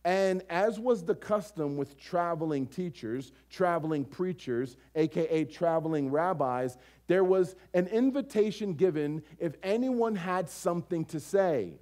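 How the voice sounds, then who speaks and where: Male pastor, sermon delivery, high mellow voice, conversational and animated. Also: unhurried, few pauses. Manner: conversational, animated preaching with rhetorical questions.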